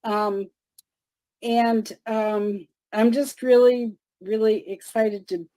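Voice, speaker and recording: A woman's voice: a little high, fairly even intonation, takes it slowly, mellow, no echo, poor audio. A woman calling in to an organizing call on a video call, speaking hesitantly and repeating words.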